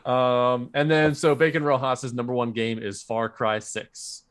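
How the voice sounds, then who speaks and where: Man, podcast co-host, casual chat, middle pitch, animated storyteller. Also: a little slow, clean tone. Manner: reads out listeners' picks, animated storyteller.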